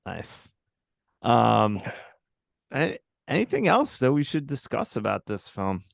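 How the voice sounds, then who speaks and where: A man's voice: medium pitch, big pitch swings, takes it slowly, creaky, no echo. A man co-hosting a movie podcast who steers the segments with dry, crude jokes. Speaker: podcast co-host. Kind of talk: casual movie chat.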